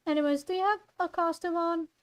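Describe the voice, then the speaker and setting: A woman voicing a chirpy teen girl, pitched up high. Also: steady tone, a little fast. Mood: cheerful. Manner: eager, chirpy. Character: bubbly excitable teen girl.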